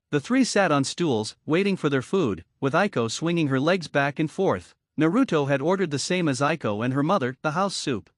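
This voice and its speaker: Brief: male storyteller, fairly high voice, dry close sound. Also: no room sound. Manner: steady storytelling read. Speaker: narrator. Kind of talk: fan fiction narration.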